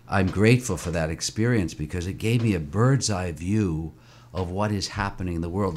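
A priest in his sixties talks through his memories in a very low, deep voice, halting often with fillers and restarts. Faint room noise sits under his speech. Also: darkish tone. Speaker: priest, interview guest. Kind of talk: reflective interview conversation.

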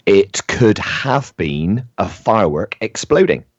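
A man with a lowish voice co-hosts a kids' show, calm and measured. He talks slowly with a lot of movement in his pitch. The sound is dry and dull. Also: husky, no echo. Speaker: children's show co-host. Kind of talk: educational chat for children.

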